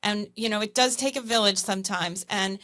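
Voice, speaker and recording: A woman's voice: mid-range voice, fairly quick, sharp tone. A woman hosting a podcast interview, chatting and affirming her guests as she asks questions. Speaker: podcast host. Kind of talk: conversational interview.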